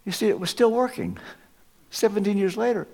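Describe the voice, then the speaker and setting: A man's voice: sits high, lively intonation, brisk, vocal fry. Emphatic male preacher in a reverberant church. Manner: emphatic, swings from loud stresses to hushed asides. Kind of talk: sermon. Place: large church hall, live service. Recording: long reverb of a large church.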